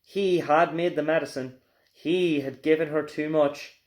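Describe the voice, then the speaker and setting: A man's voice: a little high, a little slow. A male teacher reading a children's book aloud, telling it expressively. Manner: expressive storyteller.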